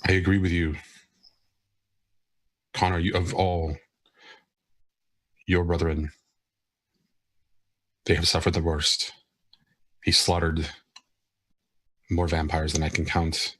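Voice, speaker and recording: A man's voice: sits low, little pitch movement, slow, pauses often, fairly bright tone, no room sound, exaggerated voice. A man voicing a commanding female vampire club owner in formal, grave speech.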